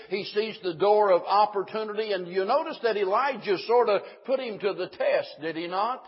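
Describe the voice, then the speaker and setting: A preacher with a high, husky male voice delivers a sermon, swinging between easy asides and fervent, emphatic peaks. The recording is dull and lo-fi, as if taped in a church. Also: lively intonation, normal speed.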